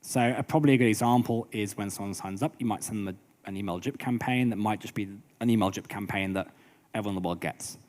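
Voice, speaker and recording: A man coaching a business workshop, telling animated stories with lots of fillers and restarts. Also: fairly low pitch, quick pace. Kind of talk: workshop talk with anecdotes.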